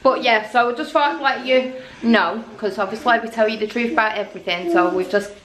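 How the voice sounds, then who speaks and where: A woman's voice: a little high, a little fast. Chatty woman vlogging in an echoey room. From England. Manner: chatty, rambling, talks straight to viewers. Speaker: family vlogger. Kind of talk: casual vlog to camera. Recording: echoey room with background noise.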